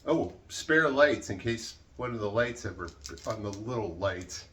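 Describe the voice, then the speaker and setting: Rambling, swearing man clearing clutter. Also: fairly low pitch, expressive, unhurried, a bit bright. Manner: rambling, self-mocking, swears when worked up. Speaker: vlogger. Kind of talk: casual rambling vlog while decluttering. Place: cluttered room indoors.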